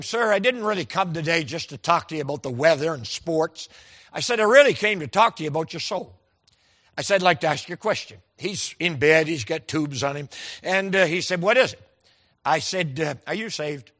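A man's voice: high-pitched, bright, forceful tone. A man preaching a sermon, telling folksy stories with quoted dialogue and stressing key words emphatically.

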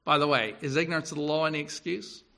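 A male preacher retelling a story in an animated sermon, often repeating himself and restarting. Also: on the high side, fast.

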